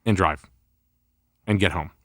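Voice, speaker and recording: A man's voice: low-pitched, unhurried, dry recording, clean studio sound. A man telling a rambling, profane story in a casual podcast chat. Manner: rambling and profane, heavy swearing. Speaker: podcast co-host.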